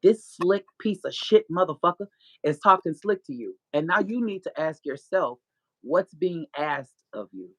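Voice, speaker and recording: A woman appearing as a guest author gives a candid, profane, no-nonsense account of her life, peppered with spiritual preaching and frequent laughs. Her lowish voice is expressive and moderately paced, recorded dry.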